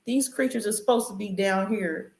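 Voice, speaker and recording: A woman's voice: medium pitch, moderate pace, darkish tone. Woman preaching casually in an echoey room. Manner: loose, conversational, preachy riffs. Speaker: channel host. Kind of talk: casual spiritual commentary.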